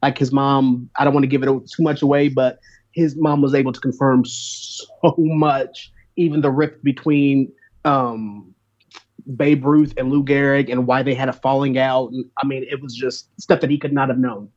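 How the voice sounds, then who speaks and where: Man, podcast guest, eager and chatty; mid pitch, slightly dull audio. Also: flat delivery, moderate pace, a little mellow. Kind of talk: casual chat.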